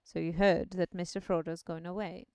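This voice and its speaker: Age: older man, wizard played by a woman. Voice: lowered, mellow, smooth. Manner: commanding and wry, from an audiobook-style reading. Native: not English. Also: little pitch movement, moderate pace, dry recording, lightly acted. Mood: amused. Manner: deepened old man voice.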